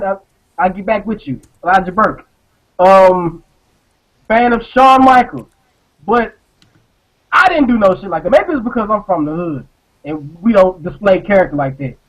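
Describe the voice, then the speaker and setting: A man co-hosting an online live show, ranting in a casual, profane, animated way and often repeating words as he talks. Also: high-pitched, poor audio. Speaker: podcast co-host.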